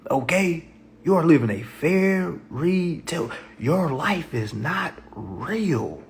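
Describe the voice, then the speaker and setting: A man's voice: a little high, very animated, slow pace, a little hiss or hum. A man hosting a live stream, talking casually in a preachy, repetitive way, often asking "okay?" and acting out other people's doubting replies.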